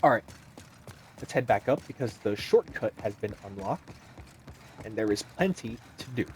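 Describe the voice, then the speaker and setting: A man's voice: on the low side, moderate pace, a little hiss or hum. Joking gaming commentator man. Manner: animated, joking, talks to game characters. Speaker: gaming YouTuber. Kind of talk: casual gameplay commentary.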